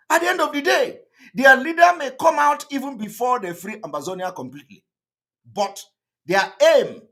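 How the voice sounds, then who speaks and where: High-voiced man, emphatic commentary. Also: fairly bright tone. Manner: emphatic, repetitive, quick to laugh. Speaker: host of an online broadcast. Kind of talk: live commentary on a played interview.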